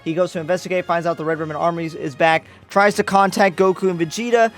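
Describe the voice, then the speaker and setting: A man's voice: fairly high pitch, fairly even intonation, fast talker, faint music behind. A man giving a casual spoken movie review as a YouTube reviewer, rambling and correcting himself with lots of fillers.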